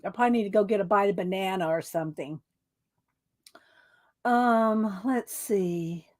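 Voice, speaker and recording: A woman chatting casually on a live craft stream, greeting viewers by name, her throat scratchy and often cleared. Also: mid-range voice, moderate pace. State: scratchy throat, struggling to talk. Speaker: craft channel host.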